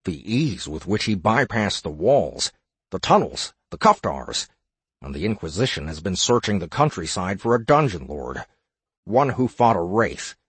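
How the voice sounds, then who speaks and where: Man doing a wounded male thief, deep voice, slow and lively in pitch, stammering, husky. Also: dry recording, heavily acted. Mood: persuasive. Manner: stammering, pleading. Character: injured, shivering male thief. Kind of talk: audiobook character voice.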